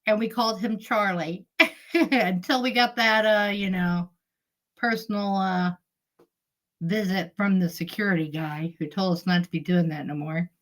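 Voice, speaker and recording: A woman's voice: medium pitch, fairly even intonation, a little slow, rough recording. A middle-aged woman, live streaming in casual chat, telling family stories with frequent laughs and greeting viewers. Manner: chatty storyteller, laughs often, greets viewers.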